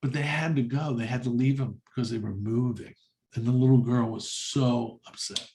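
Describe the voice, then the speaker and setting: A male guest speaker tells a long anecdote to a community meeting. He keeps it lively and conversational, and now and then briefly acts out what other people said before going back to his plain storytelling voice. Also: medium pitch, slight background noise, poor audio. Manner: animated anecdote with quick acted-out quotes of others. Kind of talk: storytelling talk to a meditation group.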